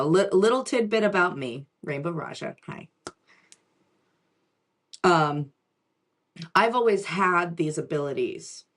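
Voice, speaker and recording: Low-voiced woman telling a personal story. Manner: chatty, with frequent restarts and asides. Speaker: spiritual reader and host.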